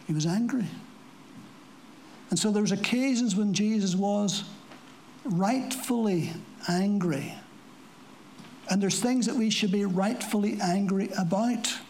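At a church service, a preacher delivers a sermon to the congregation, speaking plainly with rhetorical questions and dry asides and slowing down to quote scripture. His voice is medium-pitched with a darkish tone. The rough recording carries a little hiss or hum.

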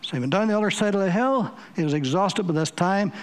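A man's voice: sits high, lively intonation, quick pace, smooth. A man preaching a sermon, telling stories vividly and repeating words for emphasis. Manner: vivid storytelling with emphatic repetition.

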